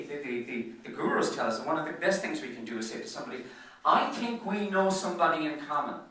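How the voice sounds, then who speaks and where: An Irish man tells business anecdotes to a dinner crowd, talking fast with a bright, forceful tone. He often trips over repeated words as he goes. He sounds far from the microphone in a very echoey room. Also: medium pitch. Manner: chatty storyteller who stutters on repeated words. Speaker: business speaker. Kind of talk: after-dinner business presentation. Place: function room at a golf club.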